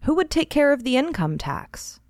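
A woman's voice: high voice, very animated, moderate pace, darkish tone, dry recording, pitched above the performer's own voice. A woman voicing an anxious, fretful housewife who scolds herself, in a dry, close read story.

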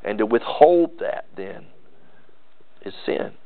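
A man's voice: on the low side, lively intonation, slow. A male pastor preaching an earnest sermon, often restarting and repeating words. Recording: tinny phone-like sermon recording.

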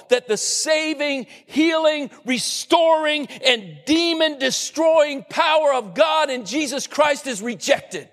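A man preaching a sermon with passion, building to shouts at the high points. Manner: impassioned preaching, rising to shouts, voicing scoffing critics. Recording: long hall reverb.

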